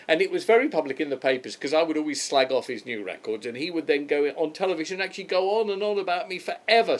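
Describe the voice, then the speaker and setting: An older man telling a personal anecdote, lively and chatty, briefly putting on the voices of the people in the story. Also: fairly high pitch. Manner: animated, puts on quick voices for others.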